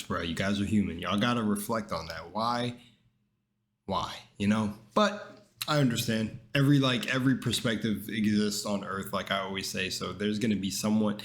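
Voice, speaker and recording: A man in a relaxed reaction stream, talking in a somewhat low voice. He rambles loosely, tosses in slang and restarts his thoughts as he goes. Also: moderate pace. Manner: laid-back, rambling slangy talk with many restarts. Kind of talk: casual reaction chat.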